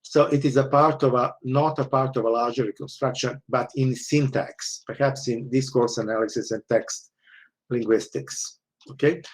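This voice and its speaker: With a steady tone, medium pitch, and moderate pace, a man delivers an online university lecture. He keeps asking "okay?", restarts often, and explains as he goes.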